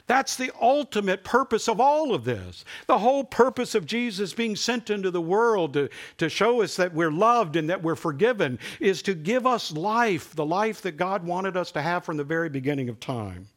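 A man preaching a sermon in a conversational, animated way, building to emphatic peaks. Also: a little high, unhurried.

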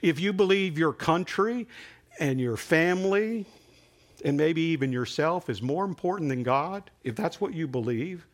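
A man preaching a sermon in a conversational, animated way, building to emphatic peaks. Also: fairly high pitch, unhurried.

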